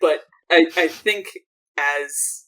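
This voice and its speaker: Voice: medium pitch, slow pace, sharp tone, rough recording. A game master narrating a tabletop game in a loose, rambling way full of fillers.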